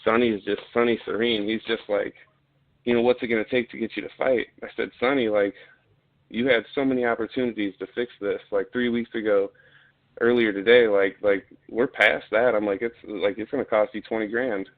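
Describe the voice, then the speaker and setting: Over a tinny, phone-like line, a fighter guesting on a podcast tells a story in a blunt, casual way, swearing often and getting heated. His voice is lowish, with fairly even intonation and a slightly fast pace.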